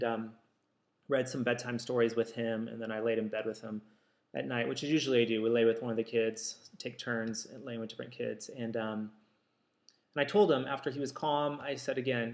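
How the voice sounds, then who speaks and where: A man, an author and counselor, telling a personal story in a casual, reflective way, with many pauses and restarts. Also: mid-range voice, fairly even intonation, echoey room. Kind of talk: casual talk to camera.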